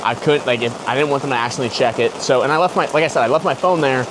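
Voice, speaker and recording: Heavy rain drums loudly in the background as a medium-pitched young man talks rapid-fire through a personal story on his podcast. He's casual and rambling, full of slang, "like" and "bro."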